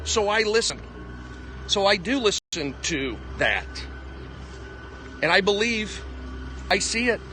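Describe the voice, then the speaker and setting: A male comedian ranting in a rambling live stream monologue, combative, with jumpy pitch, recorded on a phone outdoors on a city walk. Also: sing-song, a little slow, pauses often, sharp tone, slight background noise. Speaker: comedian livestreaming. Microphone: phone at arm's length.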